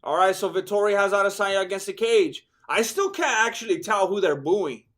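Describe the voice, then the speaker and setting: A high-pitched, hoarse man calls a fight live. His tired voice sounds worn out, but he stays excitable and joking and throws in Spanish slang. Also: brisk. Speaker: fight watch-along host.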